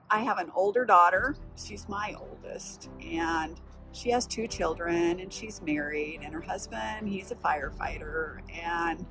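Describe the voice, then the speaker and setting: An older woman with a lowish voice speaks at a measured pace while hosting a casual vlog in a park, walking and resting, with music in the background. Warm, reflective and encouraging, she shares family stories; the recording is rough with a little hiss or hum.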